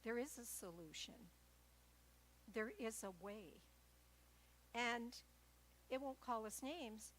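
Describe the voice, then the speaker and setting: A woman preaching a sermon at a church service, telling stories in a gentle, light-hearted way. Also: a little high, lively intonation, takes it slowly, pauses often, slight background noise, rough recording. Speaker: guest speaker at church.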